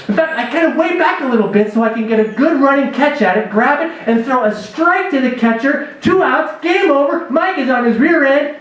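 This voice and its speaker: A man who teaches spirituality, telling a lively personal story to a church dinner gathering. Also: very high voice, normal speed, a little hiss or hum. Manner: animated storyteller, acts out his own voice in quotes. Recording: echoey hall recorded from far off.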